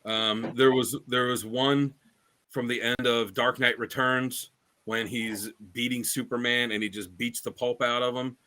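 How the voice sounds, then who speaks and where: Guy on a podcast, bright forceful voice, rambly chat, lots of ums. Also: mid-range voice, steady tone, unhurried. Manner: rambling storyteller with many fillers and restarts. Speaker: podcast co-host. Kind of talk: casual chat.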